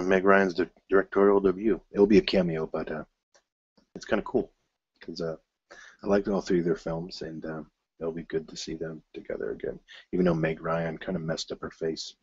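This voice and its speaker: A man with a low, slightly husky voice hosts his own film news show. He rambles casually, stumbling over restarts and fillers, then breaks into bursts of excitement. The recording is dry and a little muffled. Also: no room sound.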